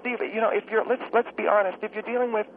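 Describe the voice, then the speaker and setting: A man putting on a prim, condescending woman clinic director who hedges every sentence with ums and uhs. The voice sits high and comes through a tinny phone line with a faint hiss behind it. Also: fairly even intonation, fast, lightly acted. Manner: hesitant, full of ums and uhs, prissy. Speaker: guest.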